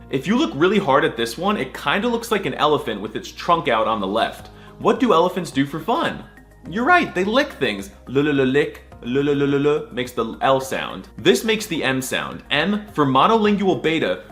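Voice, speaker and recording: A man's voice: medium pitch, a bit bright. A young man giving a jokey scripted voice-over lesson, sarcastic and crude with a mock-serious tone. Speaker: comedy language explainer.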